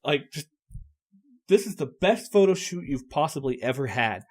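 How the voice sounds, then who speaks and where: Podcast host, man, bouncy animated delivery, laughs a lot. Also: a little high, normal speed, slightly rough. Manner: animated storytelling, laughs often. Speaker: podcast host running a party game. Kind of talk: casual chat.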